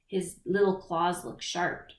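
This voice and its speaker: A woman reading a children's picture book aloud in an expressive storytelling manner, in a roomy recording. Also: on the low side, slow pace. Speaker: storybook reader. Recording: roomy echo.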